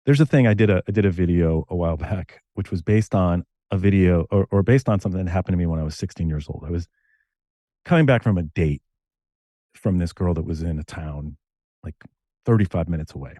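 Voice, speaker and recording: Deep dark-voiced man telling stories. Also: no room sound. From Connecticut. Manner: animated storytelling, quick bursts. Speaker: guest, screenwriter and novelist. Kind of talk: casual interview conversation.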